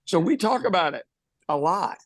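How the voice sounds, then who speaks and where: A man in his fifties from Ireland, a podcast co-host telling stories in casual chat, animated and swearing freely, acting out other people's lines. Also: sits high, normal speed, dry recording. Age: 50s.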